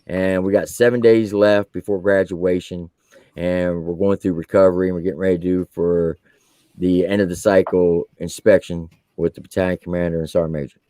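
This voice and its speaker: A man's voice: sits low, level tone, fairly quick, dark tone, dry recording. A man, an army veteran who served as a drill sergeant, telling a story on a podcast in casual slang and acting out the quotes.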